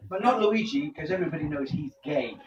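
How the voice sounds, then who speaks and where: Performing stand-up, a man with a high voice fires off punchy jokes and questions the crowd, his pitch jumping expressively at a fast clip. The distant live-venue recording is echoey, has noticeable background noise, and cuts off the highs.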